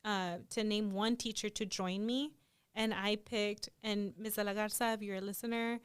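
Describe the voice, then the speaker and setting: A young adult woman co-hosting a podcast, talking in an animated, chatty way with lots of "like" fillers. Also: medium pitch, moderate pace, smooth. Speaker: podcast co-host. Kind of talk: casual conversational chat.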